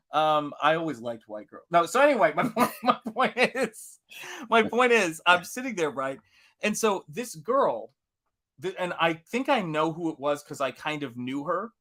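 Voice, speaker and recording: Male host from Tennessee, slightly higher voice, bright and forceful, loose storytelling with laughs and cursing. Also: measured pace. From Tennessee, USA. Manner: animated, laughing, swears freely. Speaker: artist hosting a live stream. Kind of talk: casual storytelling chat.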